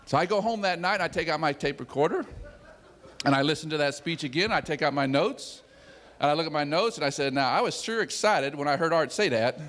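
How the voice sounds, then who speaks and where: A man giving a motivational talk through personal stories, acting out his own excitement, in a large meeting hall. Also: fairly high pitch, fast. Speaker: sales leader giving a talk. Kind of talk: motivational storytelling speech. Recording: long reverb of a hall.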